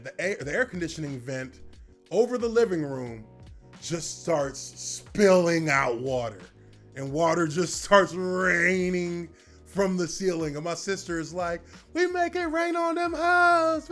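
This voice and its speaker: A man in his thirties telling a personal story in casual talk, relaxed and rambling with lots of fillers. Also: on the high side. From United States. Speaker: former football player telling his story.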